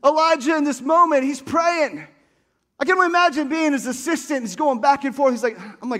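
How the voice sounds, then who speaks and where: A man with a very high voice delivers a sermon. He tells a story in a lively way and builds to shouted calls to his listeners. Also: brisk, long reverb tail. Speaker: pastor.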